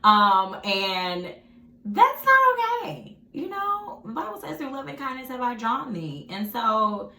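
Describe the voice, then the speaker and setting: A young woman chatting casually to her viewers while eating, animated and often laughing. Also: fairly high pitch, a little slow, hardly any pauses. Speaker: vlogger. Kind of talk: casual mukbang chat. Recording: echoey room.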